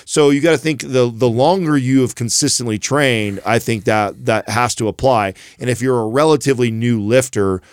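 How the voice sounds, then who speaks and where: A man co-hosting a casual fitness podcast, talking in animated bursts and often restarting his sentences. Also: medium pitch, moderate pace, few pauses, clean tone, dry recording. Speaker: podcast co-host.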